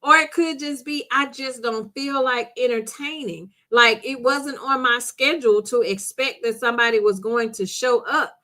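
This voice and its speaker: A woman's voice: a little high, normal speed, few pauses, pushed and bright. A middle-aged woman hosting a live stream, chatting casually with viewers and laughing often. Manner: chatty, laughs often, talks straight to viewers as "girl" and "sis". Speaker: live-stream host reading viewer comments. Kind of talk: casual chat.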